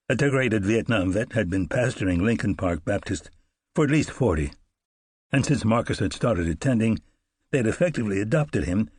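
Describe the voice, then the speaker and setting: A man narrating an audiobook in a measured, unhurried storytelling manner. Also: lowish voice, a little mellow, husky, no echo, studio quality.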